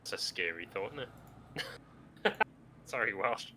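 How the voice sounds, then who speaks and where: Laid-back male co-host on a live stream, teasing banter, animated pitch. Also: measured pace, a little hiss or hum. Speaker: co-host judge. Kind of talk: casual live stream chat.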